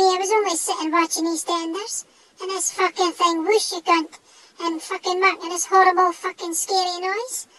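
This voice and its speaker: A man voicing a small, cocky, foul-mouthed male dog with a northeast Scottish accent, speaking in a high squeaky voice. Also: bright, forceful tone, slight background noise, heavily acted, poor audio. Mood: spooked. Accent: Scottish (northeast, Doric). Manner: sweary, blustering tough talk.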